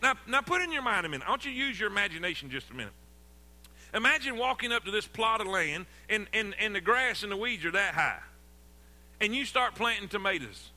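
Preacher guy, high voice, keeps asking y'all to answer, repeats words a lot. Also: sing-song, fairly quick, sharp tone. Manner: folksy, call-and-response, repeats himself. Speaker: pastor. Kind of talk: sermon. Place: church sanctuary.

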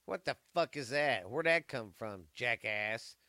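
Brief: rambling, swearing male sports host, bright crisp voice, dry sound. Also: mid-range voice, lively intonation, unhurried, dry recording. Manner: rambling, profane. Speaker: podcast host. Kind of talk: casual sports chat.

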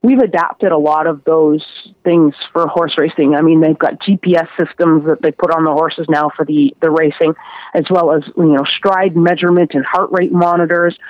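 A woman's voice: sits low, fairly even intonation, moderate pace, no room sound, muffled recording. A woman jockey, a guest on a radio interview, talking casually with many fillers and restarts.

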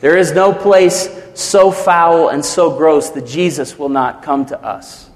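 Male pastor, animated sermon delivery with dramatic swells, fairly high voice, long hall reverb. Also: slow pace. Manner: animated preaching, acting out quotes with swells and drops.

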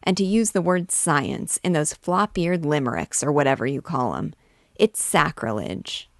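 A woman's voice: low-pitched, animated, unhurried, no room sound, studio quality. A woman reading the part of an idealistic, cranky young male doctor from a novel, muttering and exasperated.

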